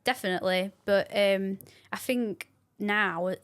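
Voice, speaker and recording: A woman's voice: mid-range voice, slow pace, fairly bright tone, clear, resonant tone. Young woman chatting away on a podcast, lots of ums and likes. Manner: chatty, filler-heavy. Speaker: podcast guest. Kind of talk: casual chat.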